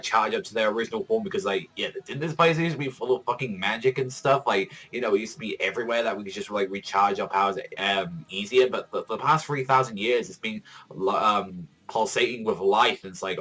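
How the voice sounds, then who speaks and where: A young man giving a casual manga chapter review, excitable and rambling, swearing freely. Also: on the low side, a little fast, breathy edge, rough recording. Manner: profane, excitable, rambling with many fillers.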